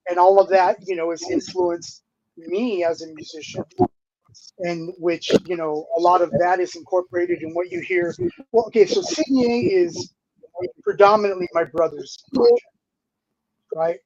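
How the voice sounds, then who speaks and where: A higher-pitched man of about sixty chats easily as an interview guest, animated and loose with plenty of casual fillers. His voice comes through a remote call in dull, slightly lo-fi sound. The audio is dry with no room echo. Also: normal speed, creaky. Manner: animated, laid-back, uses dude and you know a lot. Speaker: guest musician. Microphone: remote streaming call.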